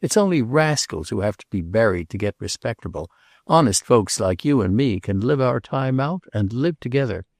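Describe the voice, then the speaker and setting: A man voicing a brash, cheerful self-made gentleman who talks heartily. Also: medium pitch, expressive, normal speed, no room sound, clean studio sound, lightly acted. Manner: hearty, jovial.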